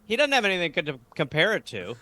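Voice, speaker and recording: An American man with a bright, forceful voice pitched a little high, talking over a video call. He riffs animatedly and swears freely, jumping between rapid asides as a comedian guest. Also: wildly swooping pitch. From United States. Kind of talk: casual chat.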